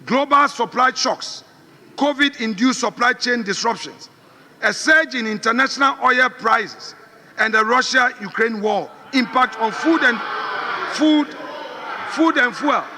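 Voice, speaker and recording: A man's voice: very high voice, unhurried, sharp tone. A middle-aged man with a Ghanaian accent giving an emphatic, combative parliamentary speech, repeating phrases for stress. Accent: Ghanaian English. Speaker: member of parliament. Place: large parliament chamber. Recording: reverberant chamber.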